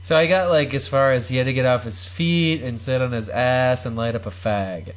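A man's voice: mid-range voice, normal speed. Teasing male podcast co-host. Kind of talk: casual podcast banter.

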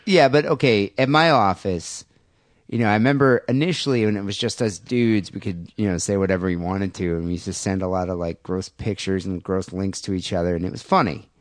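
A man's voice: low-pitched, brisk, dry recording, clean studio sound. A man hosting a comedy podcast, joking and bantering casually. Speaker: podcast host.

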